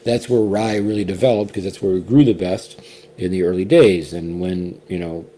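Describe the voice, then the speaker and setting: A man's voice: deep voice, steady tone, moderate pace, warm tone. A man hosting a casual whiskey tasting chat, rambling and restarting often as he shares his impressions. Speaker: whiskey reviewer, co-host.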